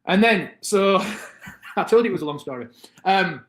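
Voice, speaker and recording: A British man in his thirties tells a long story on a podcast and jumps into the voices of the people in it. His voice sits a little high for a man. The room around him is echoey. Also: normal speed. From Britain. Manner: animated, acts out the voices of people in his stories. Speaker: podcast guest. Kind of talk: casual storytelling.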